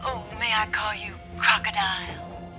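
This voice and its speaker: An actress playing a scheming widow who talks in a slow, breathy, seductive way. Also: female voice, mid-range voice, steady tone, music in the background, close to an everyday voice. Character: sultry, scheming female widow.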